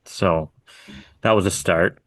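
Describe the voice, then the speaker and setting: Very deep-voiced man, laid-back swearing. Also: slow pace, no room sound. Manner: laid-back, profane storytelling. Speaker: podcast co-host, hardscape contractor. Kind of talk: casual chat.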